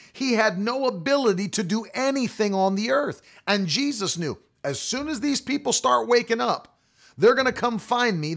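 An impassioned male preacher with a fairly high voice. He hammers his points through repetition and slows down on key phrases for weight, in a classic sermon delivery. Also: creaky, a bit bright. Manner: emphatic, repeating key phrases.

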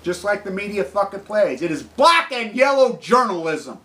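Indignant man, swearing rant delivered in a high, bright, lively voice. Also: normal speed, poor audio. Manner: profane, shouting, fiercely indignant. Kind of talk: angry ranting monologue.

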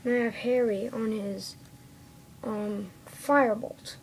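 A woman's voice: fairly high pitch, steady tone, slow pace, a little hiss or hum, rough recording. A woman giving a casual, rambling show-and-tell review of a toy set, often correcting herself and tagging lines with "okay?", recorded on a phone indoors at home. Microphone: phone camera.

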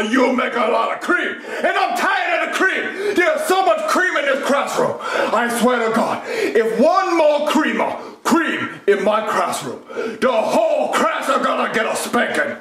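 A man playing a foul-mouthed male teacher who yells and rants at his class, in an echoey room. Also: very high voice, recorded from a distance, exaggerated voice. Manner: yelling, ranting.

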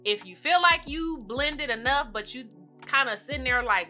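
A young woman chatting casually through a makeup tutorial, talking quickly and laughing often. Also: high voice, sharp tone, faint music behind. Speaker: beauty vlogger.

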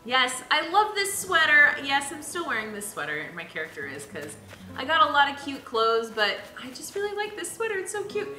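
With a roomy echo and music in the background, a young woman streams a game, giggling, chatting casually with lots of fillers and reading out viewer comments in a bubbly way. Her voice sits high, pushed and bright, with huge pitch swings, and she talks fairly quickly.

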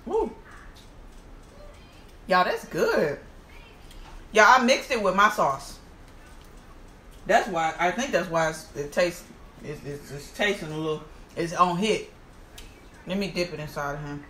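Unhurried and lowish, her voice leaves long pauses, and the recording is reverberant with some background noise. As the host of a casual mukbang, she exclaims with animation and talks to viewers, calling them y'all.

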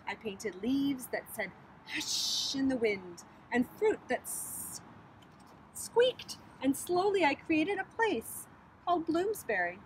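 A preschool teacher reading a picture book aloud outdoors on a bridge over a creek, with expressive storytelling. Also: female voice, high-pitched, a little slow, slight background noise, rough recording.

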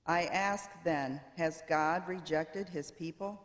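A man reading scripture and a psalm aloud in a church service, in a measured, unhurried way. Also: a little high, a bit bright. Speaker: scripture reader. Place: church sanctuary. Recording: church with long reverb.

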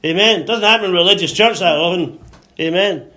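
A man preaching a sermon to a congregation, calling for responses, quoting scripture and acting out voices with sudden high shouts. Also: fast talker. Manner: call-and-response preaching, frequent hallelujahs.

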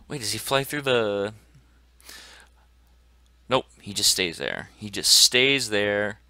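A man commenting excitedly on his gameplay as a gaming channel host, dropping to whispers and bursting into shouts. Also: on the low side, takes it slowly, pauses often, no echo. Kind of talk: let's play commentary.

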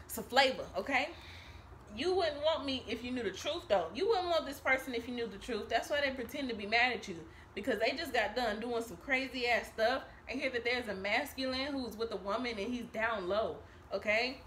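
Bright, chatty woman tarot reader. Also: fairly high pitch, normal speed, a little hiss or hum. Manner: chatty, profane, laughing, tags lines with "okay?". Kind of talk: casual tarot reading to camera. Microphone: camera mic.

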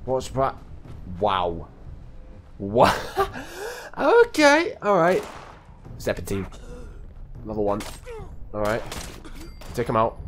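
A man's voice: fairly low pitch, slight background noise. A man giving live gameplay commentary, talking to himself in a flustered way and repeating phrases as he plays. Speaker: gaming channel host.

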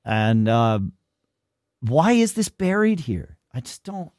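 Animated, exasperated male podcast host. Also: medium pitch, takes it slowly, no echo, studio quality. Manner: animated, mock-exasperated ranting. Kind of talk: casual tech podcast chat.

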